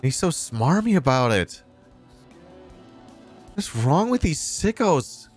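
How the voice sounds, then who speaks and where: A man's voice: on the high side, big pitch swings, slow pace, a little mellow, faint music behind. A man commenting sarcastically and indignantly on a news clip during a casual live stream, throwing in crude asides.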